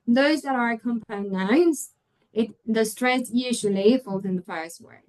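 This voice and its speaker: A woman's voice: fairly high pitch, slow, a little mellow, poor audio. A woman whose first language is Spanish, giving a webinar lecture to teachers, patiently explaining and modelling example words aloud, often checking in with tag questions. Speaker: English teacher trainer.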